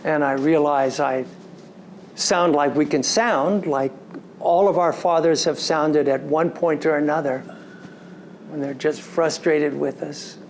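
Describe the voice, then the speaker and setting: A man giving a storytelling lecture to an audience, recounting a personal story in an animated way and slipping into quoted dialogue. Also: a little high, a little slow, slight background noise. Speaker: story coach.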